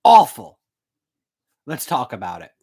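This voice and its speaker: A woman, a sports fan vlogger, rants in a postgame fan video, angry, profane and emotional, recorded on a home setup. Her low-pitched voice is very animated and moves at normal speed.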